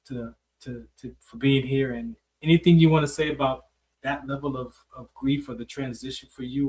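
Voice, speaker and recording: A man's voice: mid-range voice, distant mic. A man hosting an interview, telling a story in a reflective, casual way with lots of "like" and "man". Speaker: host.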